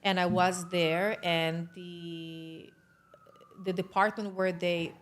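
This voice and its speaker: A woman's voice: lowish voice, flat delivery, slow pace. A woman from Israel with an Israeli accent, a podcast guest telling a story in casual conversation and acting out the dialogue, with non-native grammar.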